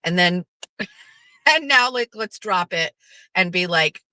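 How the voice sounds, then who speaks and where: A woman's voice: mid-range voice, lively intonation, bright, forceful tone, no room sound, low-quality recording. A woman, hosting her show and telling a casual, profane story, quoting the people in it. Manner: chatty and profane, quoting others in quick back-and-forth. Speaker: host.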